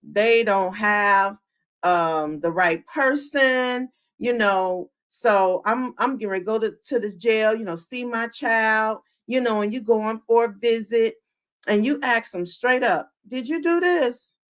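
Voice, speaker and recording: A woman's voice: on the high side, slow. A woman hosting a live podcast, retelling a show's scenes with energy and asking her chat questions. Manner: animated, talks to the chat, acts out quotes. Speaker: podcast host. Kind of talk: live-streamed show recap chat.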